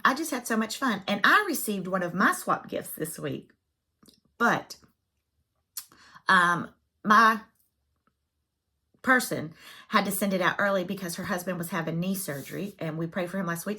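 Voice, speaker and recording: A woman's voice: medium pitch, moderate pace, long pauses, sharp tone, breathy edge. A woman chatting casually as a cross-stitch vlogger, self-deprecating and full of fillers. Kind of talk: casual chat.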